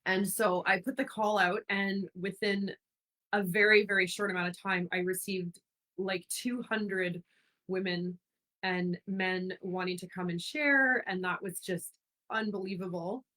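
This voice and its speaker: A woman's voice: mid-range voice, fairly even intonation, unhurried, sharp tone, rough recording. Effusive, rambling woman host. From Ontario, Canada. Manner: effusive, rambling, with many fillers and restarts. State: getting emotional. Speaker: host of a speaker series. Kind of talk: casual live-stream monologue.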